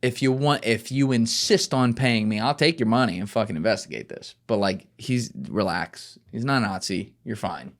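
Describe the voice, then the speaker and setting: A man's voice: on the low side, moderate pace, hardly any pauses, lightly acted. A man retelling a blunt male fixer who brushes off his clients' worries with curses. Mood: dismissive. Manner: blunt, dismissive, profane.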